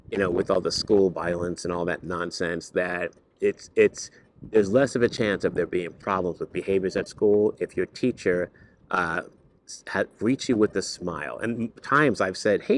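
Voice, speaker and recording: Man, lowish voice, casual teacher vlog, earnest, rambling, lots of fillers. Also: a little hiss or hum. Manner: turns lively and higher when driving a point home. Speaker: high school teacher and club advisor. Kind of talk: casual vlog talk to camera.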